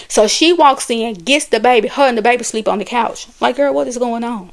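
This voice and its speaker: A woman retelling a book's plot in a casual, conversational way, animated, with chatty asides. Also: on the high side, a little fast, creaky. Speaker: book and movie reviewer. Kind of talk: casual storytelling recap.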